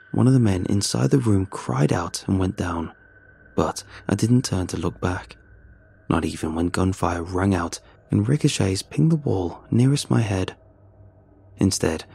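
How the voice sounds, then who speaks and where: A man narrating a first-person horror story in a measured, tense storytelling manner. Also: sits low, gravelly, mellow, breathy edge.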